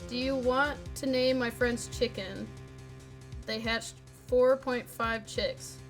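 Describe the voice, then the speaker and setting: A woman's voice: on the high side, steady tone, slow, soft background music. A young woman streaming from home, chatting casually and teasing her cat in a playful way. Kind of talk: casual live-stream chat.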